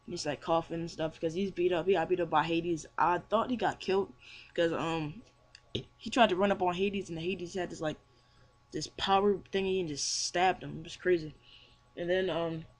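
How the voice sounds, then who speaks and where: A man's voice: high-pitched, steady tone, moderate pace. A young man casually reviewing a manga chapter, rambling with many fillers and restarts. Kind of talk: casual chat.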